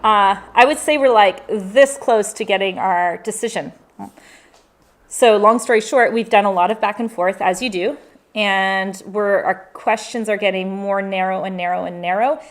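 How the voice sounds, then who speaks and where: A woman's voice: mid-range voice, moderate pace. A Canadian woman in her forties hosting a live Q&A for her family's travel channel, talking in an upbeat, chatty way and stringing her thoughts into long lists. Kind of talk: live Q&A chat.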